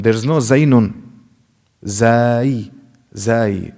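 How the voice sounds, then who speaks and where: Slow, gravelly-voiced male teacher in a hall. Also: fairly low pitch, darkish tone. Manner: explanatory, demonstrates letter sounds, asks rhetorical questions. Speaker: Quran recitation teacher. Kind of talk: classroom lecture. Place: mosque classroom.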